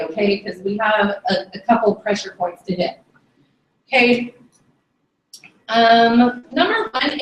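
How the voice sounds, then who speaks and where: A woman's voice: fairly high pitch, distant mic. A woman giving a firm motivational training talk to her sales team in a meeting room, scolding and often checking in with "okay?". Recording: echoey room, recorded from afar.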